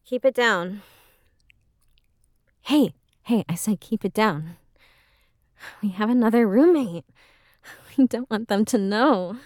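Young woman voicing a teasing, bossy roommate for an intimate audio role-play; unhurried, hushed delivery with soft laughs, dry and close. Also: mid-range voice, animated, no room sound.

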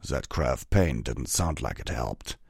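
A man's voice: extremely low pitch, a little slow, creaky, a little mellow, breathy edge, dry recording, studio quality, voice pushed down, heavily acted. A man voicing a grim, sardonic male stallion warrior in a storybook reading. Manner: growling, sardonic.

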